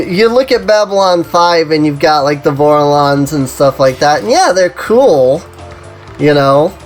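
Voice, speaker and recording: A streamer chatting casually while playing an online game, rambling and saying "you know" and "like" constantly. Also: medium pitch.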